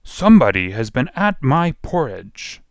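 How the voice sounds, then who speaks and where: A man voicing a huge father bear with a rough, gruff voice in a storybook reading. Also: medium pitch, big pitch swings, unhurried, no room sound, pitched above the performer's own voice. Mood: indignant.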